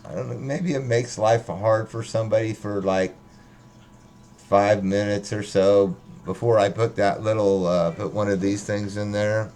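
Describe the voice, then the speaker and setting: A man's voice: fairly low pitch, steady tone, a little slow, a little mellow. A man rambling casually and profanely on a livestream, joking as he talks. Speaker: livestream host.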